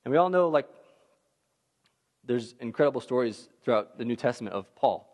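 A man preaching a sermon in an animated, conversational way, full of fillers like "like" and "right?". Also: mid-range voice, normal speed. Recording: long hall reverb.

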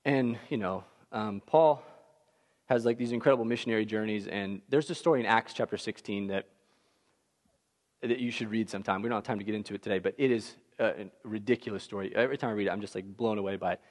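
A man preaching a sermon in an animated, conversational way, full of fillers like "like" and "right?". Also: lowish voice, fast. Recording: long hall reverb.

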